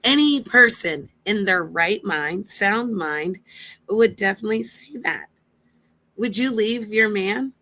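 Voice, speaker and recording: Brash, bright-voiced woman streamer. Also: mid-range voice, lively intonation, takes it slowly. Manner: brash, blunt and profane, addresses viewers directly. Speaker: commentary streamer. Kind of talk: profane reaction commentary.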